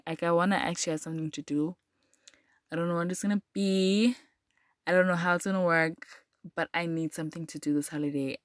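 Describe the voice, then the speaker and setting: A young woman chats loosely on her solo podcast and leans on "like" a lot. Her voice sits a little low, and it keeps bouncing up when she gets animated. The sound is close and dry, with no room around it. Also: no room sound. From South Africa. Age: young adult. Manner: chatty and rambling, with frequent "like" and animated jumps in pitch. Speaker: podcast host. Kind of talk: casual solo podcast chat.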